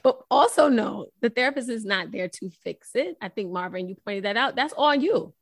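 A woman's voice: fairly high pitch, expressive, normal speed, vocal fry. A woman therapist hosting a podcast, chatting casually, encouraging and laughing often. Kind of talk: casual chat.

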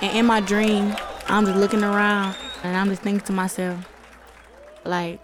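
A woman's voice: mid-range voice, level tone, normal speed, crowd noise, noisy background. A teenage girl from Flint, Michigan, speaking casually and reflectively into a tape recorder for her personal audio diary. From Flint, Michigan, United States. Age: teens. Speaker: boxer keeping an audio diary. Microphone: handheld tape recorder.

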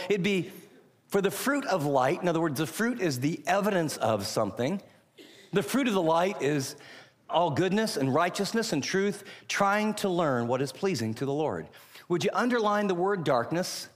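Man pastor preaching, punchy and emphatic, slightly high voice, big reverby hall. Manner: emphatic, pausing on key words. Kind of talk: sermon.

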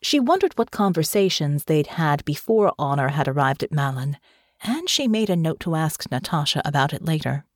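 A woman reading an audiobook in a measured, even narration. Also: sits low, no echo, clean studio sound.

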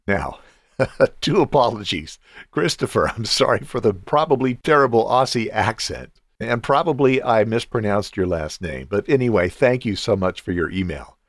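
A male podcast host giving devotional talk, earnest and encouraging, in the manner of a pastor. His pitch moves in lively rises and falls, and the recording is dry and close, with no trace of room sound. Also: no room sound.

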